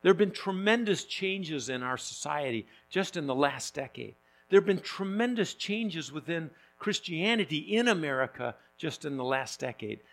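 Brief: man preaching, folksy and joking, halting with fillers, fry in the voice. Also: medium pitch. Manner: conversational and joking, with frequent fillers and restarts. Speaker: pastor. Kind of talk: sermon.

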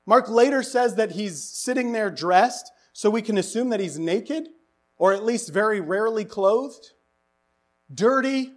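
A man preaching a sermon, animated and asking the congregation rhetorical questions, his voice rising to near-shouts for emphasis. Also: sits high. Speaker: pastor.

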